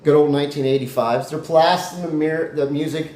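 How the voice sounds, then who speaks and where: A man improvising a comic story in a rambling, animated way with jokey asides. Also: on the high side, a little fast, few pauses. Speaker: comedy storyteller. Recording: echoey room, faint noise.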